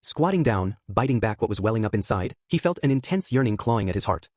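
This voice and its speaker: Fast husky male audiobook narrator. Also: lowish voice, very animated, a little mellow, no room sound. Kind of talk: scripted narration.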